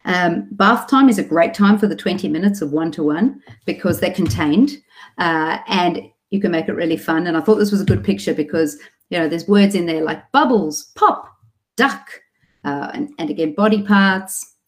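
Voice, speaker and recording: Woman, Australian accent, speech therapist, informative talk to parents, lowish voice, clear practical explaining. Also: normal speed.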